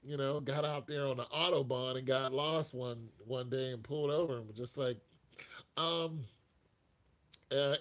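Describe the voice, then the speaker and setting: A man's voice: mid-range voice, moderate pace, a bit bright. Laughing man in a rambling live chat. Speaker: live-stream host.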